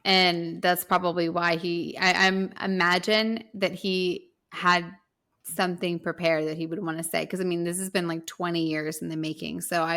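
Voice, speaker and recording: Casting: woman podcast co-host, lower voice, chatty storyteller who laughs easily. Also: fairly bright tone. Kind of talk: casual chat.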